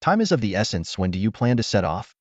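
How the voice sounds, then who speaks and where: Man narrating as proud old warrior, hearty, commanding, low voice, dull dry audio. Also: big pitch swings, fast, dry recording. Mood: resolute. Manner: booming, commanding, laughs heartily. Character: older hearty veteran male warrior, resolute and proud.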